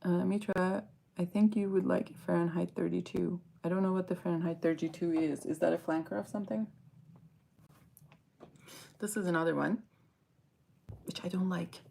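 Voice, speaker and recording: A woman's voice: lowish voice, steady tone, moderate pace, gravelly, pauses often, dark tone, slight background noise. A woman hosting a casual fragrance livestream, reading viewer comments aloud and answering them as she chats.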